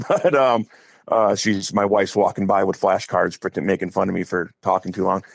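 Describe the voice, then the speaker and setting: Appearing as a podcast guest, a middle-aged head football coach from a Wisconsin high school casually spins long stories, talkative and acting out the quotes of the characters. His low, gravelly voice keeps a steady tone at a moderate pace, recorded close and dry with no room sound.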